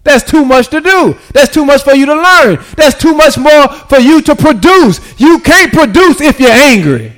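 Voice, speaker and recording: A man with a high voice preaching a sermon. He keeps checking in with the congregation and swings from near-whispered asides up to loud, excited peaks. His grammar is loose and conversational. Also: normal speed, hardly any pauses. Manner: preaching with call-and-response, swinging from hushed to shouted; casual vernacular grammar. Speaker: pastor.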